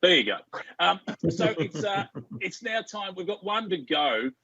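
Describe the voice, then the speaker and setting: Male joke-teller, bright and husky, dry lo-fi video call. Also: sits high, lively intonation, measured pace, no echo. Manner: storytelling, chuckles often. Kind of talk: casual joke telling.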